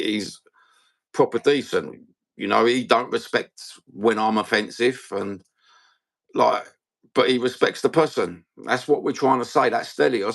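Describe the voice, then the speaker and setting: A man's voice: fairly low pitch, vocal fry, a bit bright. A man with a Cockney accent hosting a casual fan livestream, blunt, sweary and rambling. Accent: London Cockney. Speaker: fan channel host.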